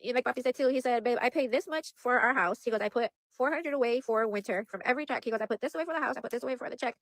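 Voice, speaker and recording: A young woman speaks quickly to her viewers in a casual vlog, with a slightly high voice. She sounds worried and upset, circling back over the same points and filling her speech with "like" and "you guys." The recording is dry and close. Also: no echo. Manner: rambling, repeats herself, heavy use of "like" and "you guys". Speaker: vlogger.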